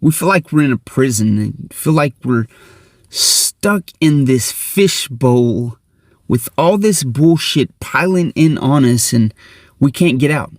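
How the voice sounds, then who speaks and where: A man's voice: medium pitch, dry recording, clean studio sound. A middle-aged man hosting his own channel, giving an earnest, blunt motivational monologue and swearing casually. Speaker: host.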